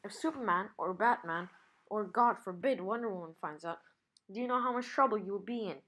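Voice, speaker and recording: A woman's voice: mid-range voice, a little fast, fairly bright tone, lightly acted. A woman reading aloud and voicing an exasperated, scolding female plant villain from a comic book.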